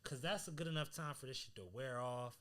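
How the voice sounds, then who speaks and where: A man co-hosting a podcast in casual chat, talking in an animated, emphatic way full of slang. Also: medium pitch, fast. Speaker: podcast co-host.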